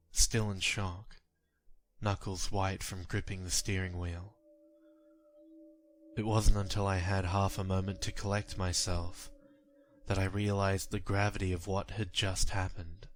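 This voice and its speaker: A man reading a horror story aloud in a measured, grim storytelling manner. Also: sits low, flat delivery. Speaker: narrator. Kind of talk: scripted horror story narration. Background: faint music.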